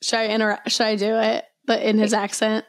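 A woman's voice: fairly high pitch, completely flat delivery, fairly quick, no room sound. Young woman cohost, chatty storyteller, keeps restarting sentences, dry mic. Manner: chatty storyteller, many self-corrections and restarts. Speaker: podcast co-host. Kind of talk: casual chat.

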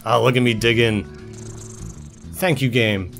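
Let's play host: young man, mid pitch, joking and profane commentary over faint game music. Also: a little slow, vocal fry, fairly bright tone. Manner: playful, joking, swears casually. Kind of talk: casual gameplay commentary.

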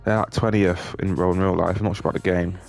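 A man commentating on his own football game, swearing a lot and swinging between glum muttering and excited shouting. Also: sits low, fast talker, creaky, faint music behind. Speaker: gaming YouTuber.

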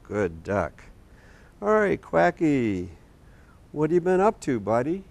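A man hosting a children's TV show, talking gently and patiently to young kids and a puppet in a studio. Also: on the high side, big pitch swings, measured pace, vocal fry. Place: community TV studio.

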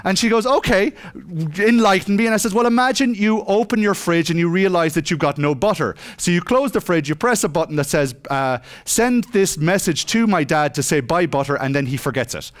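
A man's voice: high-pitched, fairly quick. A man giving a comic conference talk on stage, joking and acting out dialogue. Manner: joking, self-mocking, acts out dialogue. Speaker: conference speaker.

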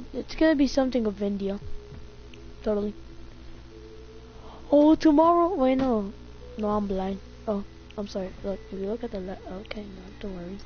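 Joking, swearing young-sounding woman gamer. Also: a little high. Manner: rambling, joking, swearing, mock singing. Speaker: gamer streaming a shooter. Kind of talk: casual gameplay commentary. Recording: dull lo-fi mic with faint game music.

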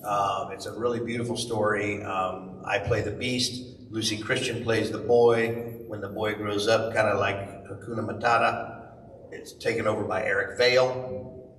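Middle-aged guy with a lowish voice doing a con q&a, animated, big echoey hall, faint hiss. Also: moderate pace, recorded from a distance. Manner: animated storyteller, jumps high for quoted voices. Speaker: convention panel guest, voice actor. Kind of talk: live convention Q&A storytelling. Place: large convention hall.

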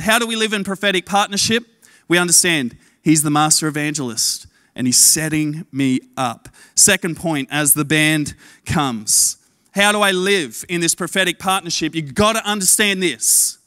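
A young adult man with an Australian accent preaching an energetic sermon, telling a story and acting out quoted lines in a lowered voice. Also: normal speed, no echo, clean studio sound. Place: church stage.

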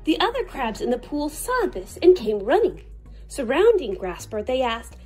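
A woman reading a picture book aloud as storyteller, expressive and unhurried. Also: sits high, breathy edge, faint music behind. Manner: expressive and slow-paced.

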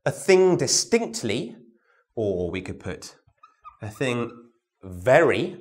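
Guy coaching voice warm-ups, really unhurried, says each twister over and over. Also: medium pitch, sing-song. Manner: drills tongue twisters, repeating them after demonstrating; gives encouraging instructions to the learner. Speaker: speech and voice teacher. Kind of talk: vocal warm-up lesson.

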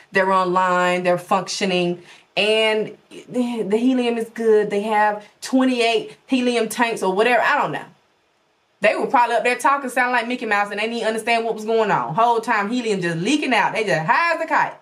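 A woman's voice: medium pitch, fairly bright tone. A woman hosting a podcast in casual commentary, sassy and dramatic, rambling with rhetorical questions. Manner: dramatic, exaggerated storytelling. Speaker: podcast host.

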